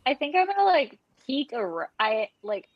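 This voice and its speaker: An excitable woman player chatting at a tabletop game. Her voice is high and bounces around a lot. The recording is dull and lo-fi. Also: moderate pace, dry recording. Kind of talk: casual chat at a tabletop game. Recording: dull lo-fi mic.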